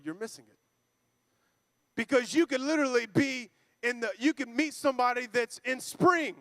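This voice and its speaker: Gravelly high-voiced man preaching. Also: a bit bright, no echo, studio quality. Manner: playful, acts out quoted voices. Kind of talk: lively comedic sermon. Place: church hall with congregation.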